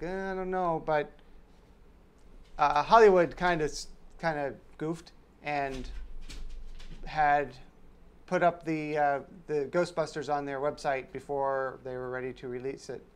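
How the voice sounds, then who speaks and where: A man's voice: a little high, smooth. A man hosting a casual review chat, explaining things in a rambling way with many fillers and restarts. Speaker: podcast host.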